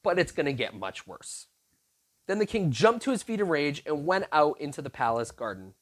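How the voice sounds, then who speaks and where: A youth pastor giving an animated sermon, retelling a scripture story in a lively, conversational way with playful asides. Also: medium pitch, moderate pace.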